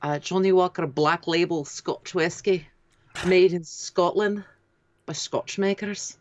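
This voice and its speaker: A woman putting on a mock Scottish whisky-advert voice with a slow, drawn-out pitch. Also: dull audio, slight background noise. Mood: mock-grand. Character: hammy whisky-ad Scotsman.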